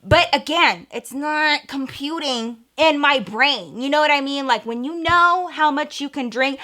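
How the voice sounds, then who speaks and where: A young woman telling a storytime vlog in a chatty, animated way, often calling viewers "girl". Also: high voice, a little slow, hardly any pauses. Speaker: vlogger.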